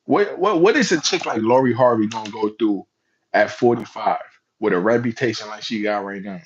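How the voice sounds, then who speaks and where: A man's voice: fairly low pitch, normal speed, crowd noise. Guy ranting on a reaction vlog, slangy and emphatic, keeps asking right?, kinda muffled audio. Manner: emphatic, slangy, rhetorical questions. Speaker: commentary vlogger. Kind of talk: reaction commentary.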